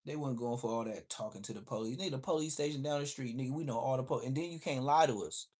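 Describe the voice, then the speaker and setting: A man's voice: medium pitch, darkish tone. A man from the Los Angeles area telling a street story, profane and slangy, acting out the voices in it. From Los Angeles area, USA. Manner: profane, slangy, quick to act out quotes. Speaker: livestream host.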